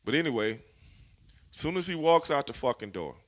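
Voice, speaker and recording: A man, a former pro wrestler, telling backstage stories in a casual interview, animated and full of profanity. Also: medium pitch, normal speed. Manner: animated, profane, laughing storyteller.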